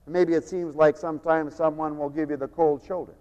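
A man preaching a sermon, turning emphatic on key phrases and dropping quieter for personal stories. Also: on the high side, fairly even intonation, fairly quick. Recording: dull lo-fi tape in a long-echo hall.

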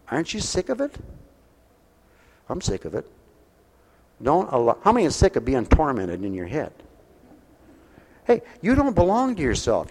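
A man with a slightly high voice preaches a sermon to a congregation in a mission hall, folksy and pastoral. He addresses listeners directly with call-and-response questions, swinging from soft asides to loud exhortation, under the long reverb of a large hall.

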